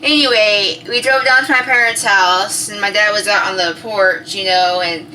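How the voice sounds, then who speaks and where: A woman's voice: mid-range voice, steady tone, moderate pace, far from the mic, a little hiss or hum, low-quality recording. A woman, telling a personal story to camera in casual, profane chat. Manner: chatty, swears freely, acts out quotes loudly. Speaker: vlogger.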